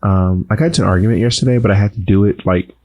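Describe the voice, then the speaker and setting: A man co-hosting a casual chat, teasing his co-host with quick back-and-forth questions, his voice held soft and quiet as he recovers from voice strain. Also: lowish voice. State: recovering voice, talking softer than usual. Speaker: podcast co-host.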